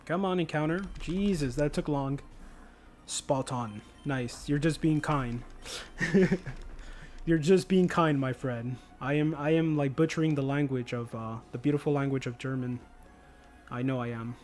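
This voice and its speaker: A man's voice: medium pitch, measured pace, a little mellow, faint music behind. A man streaming a video game, chatting casually and jokingly with viewers, laughing often. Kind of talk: casual livestream chat.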